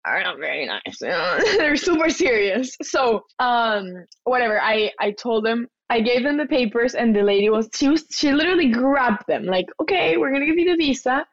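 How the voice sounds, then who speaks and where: A woman's voice: a little high, very animated, moderate pace, few pauses, no echo, dull audio. A young woman chatting casually as a guest, telling a personal story and acting out the people in it. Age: young adult. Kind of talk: casual chat.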